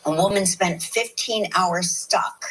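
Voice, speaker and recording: A woman co-hosting a talk show, telling stories in a lively, chatty way. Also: on the low side, slow pace, breathy edge, rough recording. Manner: lively storyteller. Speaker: co-host. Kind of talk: casual talk-show banter.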